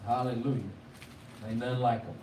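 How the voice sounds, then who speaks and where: A man preaching a sermon with call-and-response, rising from quiet talk to loud cries. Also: mid-range voice, completely flat delivery, brisk. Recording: echoey room, from far off, faint noise.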